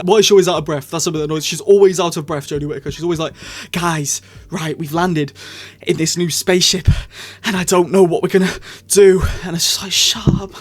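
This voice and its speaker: Male reviewer, slightly high voice, chatty and rambling, self-correcting as he goes. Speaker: video reviewer. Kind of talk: casual spoken review.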